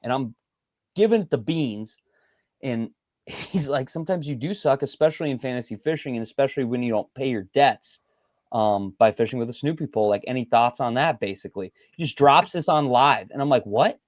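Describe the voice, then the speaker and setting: A man's voice: medium pitch, brisk, no echo. A man tells a story on a podcast with plenty of energy. He acts out other people's lines and laughs between them. His voice sits mid-range and the mic is close and dry. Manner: animated storyteller, acts out quotes, laughs often. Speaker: podcast co-host. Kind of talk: casual podcast banter.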